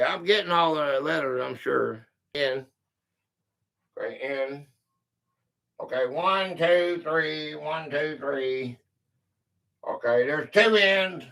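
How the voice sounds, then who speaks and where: A man runs a live-stream quiz, reading the clues aloud and counting out the letters. He talks at an unhurried pace in a high, bright voice and greets viewers by name as their guesses come in. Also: creaky. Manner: chatty, easily amused. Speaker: quiz game livestream host. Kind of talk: casual live-stream chat.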